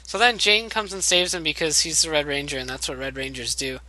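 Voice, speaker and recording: A man co-hosting a podcast, recapping a TV episode in casual chat, sarcastic and profane, mocking the characters in quick asides. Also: on the high side, animated, sharp tone, dry recording, low-quality recording.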